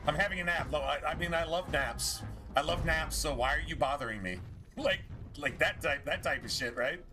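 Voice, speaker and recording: A man's voice: on the high side, normal speed, sharp tone, faint music behind. A man streaming a game, rambling casually with a lot of swearing and exasperation. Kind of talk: casual gameplay commentary.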